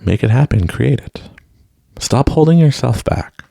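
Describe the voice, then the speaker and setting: A man's voice: medium pitch, expressive, unhurried, vocal fry, dark tone, no room sound, studio quality. A man hosting his own podcast, giving an unscripted motivational talk and laughing often. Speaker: podcast host. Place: room at home with a mic.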